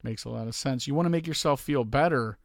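A man from co-hosting a podcast, riffing excitably in casual chat and jumping up high and loud. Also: fast, vocal fry, no room sound, studio quality. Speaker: podcast co-host.

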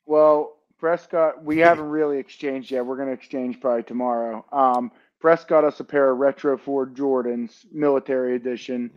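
A man's voice: medium pitch, steady tone, normal speed, few pauses, lo-fi sound. A man co-hosting a casual podcast chat, teasing his teammates. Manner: joking, teasing banter. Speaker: podcast co-host, football player.

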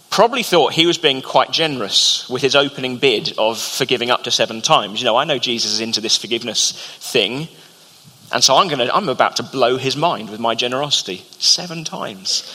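A man preaching a sermon as pastor, earnest and measured, with slow emphatic pauses. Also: a little high, bright, forceful tone. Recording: long hall reverb.

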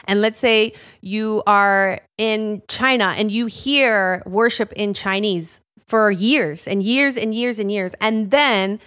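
A woman's voice: mid-range voice, slow, hardly any pauses, a bit bright, smooth. A woman worship leader, a guest on an interview show, talking in an earnest, encouraging way with lots of "like" fillers. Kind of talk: casual interview chat.

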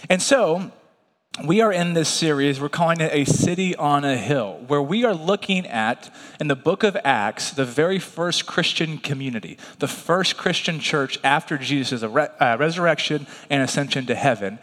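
Young male guest preacher, slightly high voice, relaxed and self-mocking, church reverb. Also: normal speed. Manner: conversational and self-deprecating, with casual fillers. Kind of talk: sermon. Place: church sanctuary.

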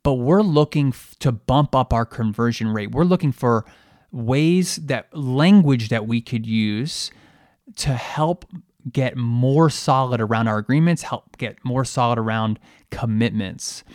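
A man's voice: medium pitch, unhurried, darkish tone. A man in a mid register talks through a coaching monologue as a podcast host. His delivery is conversational, full of rhetorical questions and self-mockery. The sound is dry and close, with no room echo. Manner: conversational, asks rhetorical questions, pokes fun at himself. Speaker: podcast host, periodontist coaching dental teams.

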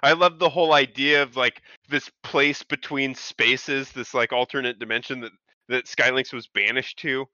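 A man's voice: mid-range voice, fairly even intonation, moderate pace, bright, forceful tone, no room sound, highs cut off. A man co-hosting a podcast in casual chat, enthusiastic and laughing often. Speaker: podcast co-host.

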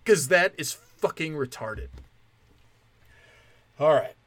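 A man's voice: fairly high pitch, lively intonation, slow pace, a bit bright, no room sound. Guy ranting and swearing a lot, rambly, says like constantly, dry close sound. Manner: heated, profane, rambling with many "like" fillers. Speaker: commentator. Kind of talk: profane political rant.

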